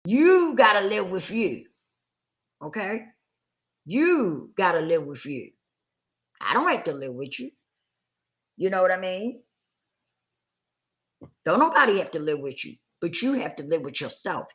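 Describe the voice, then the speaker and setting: Woman host, fairly low voice, earnest motivational livestream talk, repeats key lines, checks in with listeners. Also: sing-song, unhurried, long pauses, a bit bright. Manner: earnest, repeats her points for emphasis. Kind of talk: motivational talk to a live audience.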